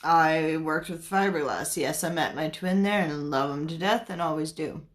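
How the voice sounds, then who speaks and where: A young Canadian woman hosts a spiritual livestream, chatting casually in a giggly, scattered way as she answers viewers' comments. Her voice is low-pitched and her pace is moderate.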